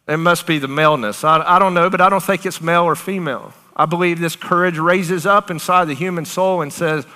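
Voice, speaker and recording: A woman preaching a charismatic sermon, animated and excited, often laughing between phrases. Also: on the low side, normal speed. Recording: long hall reverb.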